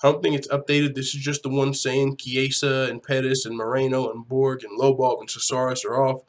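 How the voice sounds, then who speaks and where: A man hosting a casual live-stream chat, talking straight into a desk mic with a mid-range voice. He curses freely and swings from low muttering asides to loud, hyped-up shouting. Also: fairly quick. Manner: excitable and profane, swinging from mumbling to shouting.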